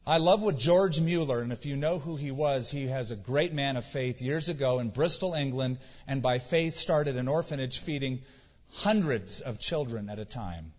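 The speaker is a pastor with a medium-pitched voice at normal speed, preaching casually and conversationally while acting out quotes in mock voices. The sound is dull and carries long hall reverb.

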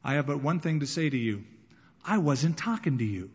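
A man preaching a sermon to his congregation, dramatic and expressive, often acting out the voices of the people in the story. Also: on the high side, brisk, breathy edge, big-room sound, dull audio. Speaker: pastor.

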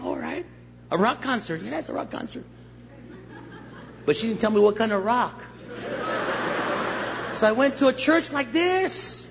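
A man from Los Angeles County preaching his testimony as a guest speaker in a church, an animated storyteller who acts out voices and jokes with the crowd. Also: very high-pitched, creaky, noisy background. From Los Angeles County, USA. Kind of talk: sermon testimony. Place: church sanctuary. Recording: echoey hall, slightly dull sound.

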